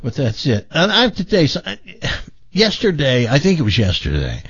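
A man's voice: fairly high pitch, wildly swooping pitch, fairly quick, fairly bright tone, husky, no echo, lo-fi sound. A male radio talk show host chatting on air in a reflective, rambling way, full of restarts. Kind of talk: casual on-air chat.

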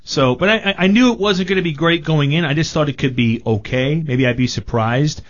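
A man's voice: a little high, fairly quick, highs cut off. A man reviewing movies in casual radio chat, blunt and jokey.

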